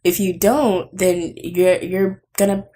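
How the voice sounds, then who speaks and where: Female therapist guest, lower voice, emphatic and preachy, casual chat. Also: steady tone, takes it slowly, dark tone, a little hiss or hum. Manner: emphatic, preachy, many "you know"s. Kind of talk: casual conversation.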